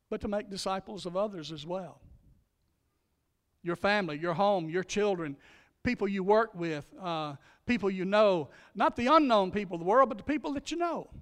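A male pastor delivering a sermon with emphatic preaching, slowing down and speeding up to stress his points. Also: high-pitched, fairly bright tone, long reverb tail.

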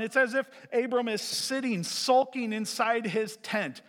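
Male preacher, high-pitched, animated sermon delivery, long hall reverb. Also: measured pace, hardly any pauses. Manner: animated, swinging between loud emphasis and hushed lines. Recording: echoey hall.

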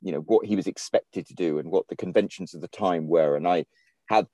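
A man's voice: low voice, a little fast, mellow, dry recording. A man from England with a British English accent, a guest writer chatting casually in a rambling way, full of fillers and restarts. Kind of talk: casual podcast chat.

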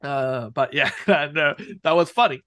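A man's voice: on the high side, measured pace, fairly bright tone, no echo. A man co-hosting a podcast, rambling through a casual TV episode recap and laughing at his own jokes. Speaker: podcast co-host.

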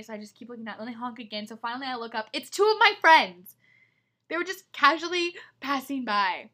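A young woman co-hosting a podcast, telling her stories in an animated, dramatic way in casual chat. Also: fairly high pitch, quick pace. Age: young adult. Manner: animated storytelling, dramatic retellings. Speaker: podcast co-host.

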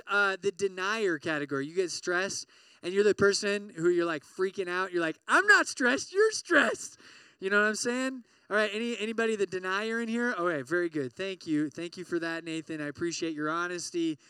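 A man delivering an animated sermon to college students, with a high, bright, clear voice. He questions the crowd directly and acts out their worried inner thoughts. The recording is dry and picked up from a little way off the mic. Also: dry recording, far from the mic. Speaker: pastor.

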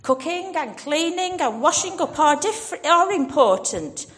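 A woman voicing Jesus as a gentle, patient man who speaks soothingly to a friend. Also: high-pitched, animated, a little slow. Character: gentle, kindly male teacher Jesus. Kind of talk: storytelling in church. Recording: reverberant church hall.

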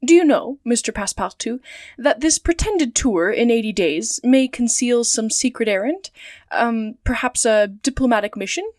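A woman voicing a sly, cautious male agent in a storybook reading, asking careful, measured questions. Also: on the high side, animated, darkish tone, no echo, clean studio sound, lightly acted. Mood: probing.

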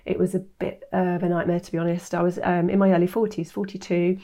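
A woman in her fifties, a nutritionist guest telling her story in an animated way, acting out quoted voices. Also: fairly low pitch, quick pace. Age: 50s. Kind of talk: interview storytelling.

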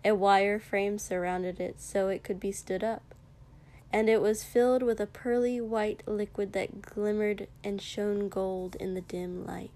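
Woman, story narrator, soft, measured, slow reading pace, mid pitch. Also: level tone. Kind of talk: fan fiction audiobook reading.

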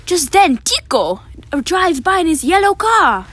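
A woman reading a children's storybook aloud in an expressive way. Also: extremely high pitch, unhurried, no echo. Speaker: reader.

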